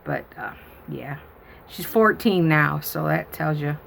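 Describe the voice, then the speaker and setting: A woman's voice: sits low, takes it slowly, vocal fry, a bit bright, a little hiss or hum. A grandmother chatting with viewers, telling rambling stories full of fillers. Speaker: grandmother and channel host. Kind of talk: casual storytelling to viewers.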